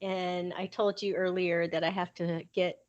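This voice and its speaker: A woman in her fifties co-hosting a podcast, easygoing and quick to laugh. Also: on the low side, little pitch movement, lo-fi sound. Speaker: podcast co-host. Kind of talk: casual chat.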